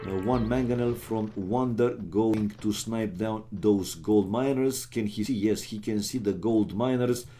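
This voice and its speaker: A man who is not a native English speaker casting a live strategy game, excitable and chatty, with sudden bursts of exclamations and joking asides to viewers. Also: fairly low pitch, measured pace, hardly any pauses, faint music behind. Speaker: game caster.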